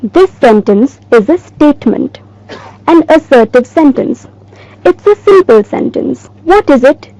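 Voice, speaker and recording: Lady teacher, slow clear lesson, repeats stuff for kids. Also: sits high, animated, dark tone, dry recording, rough recording. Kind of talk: recorded classroom lesson.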